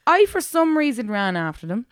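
A young woman co-hosting a casual podcast, telling an animated, sweary story. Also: fairly high pitch, moderate pace, no room sound, studio quality. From Ireland. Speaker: podcast co-host. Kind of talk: casual chat.

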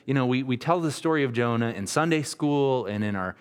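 A man's voice: mid-range voice, animated, fairly quick, clear, resonant tone, big-room sound. A man in his thirties, a pastor giving an earnest, conversational sermon with frequent restarts. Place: church sanctuary.

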